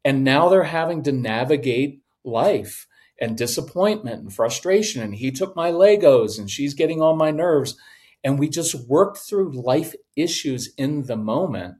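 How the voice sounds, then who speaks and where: Middle-aged man, podcast guest, animated storyteller who slips into voices. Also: mid-range voice, unhurried. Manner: animated, acts out voices in anecdotes. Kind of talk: storytelling in a conversation.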